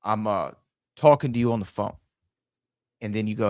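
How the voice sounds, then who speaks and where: A man co-hosting a podcast, telling stories in a lively way and reading out viewer comments. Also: lowish voice, normal speed, clean tone, no room sound, studio quality. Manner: lively storytelling, acts out phone calls. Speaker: podcast co-host.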